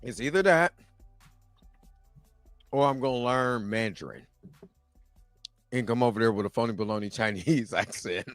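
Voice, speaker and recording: A man's voice: medium pitch, lively intonation, moderate pace, long pauses, a bit bright, no echo, faint music behind. An American man co-hosting a casual podcast, joking and laughing a lot as he banters. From United States. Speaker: podcast co-host.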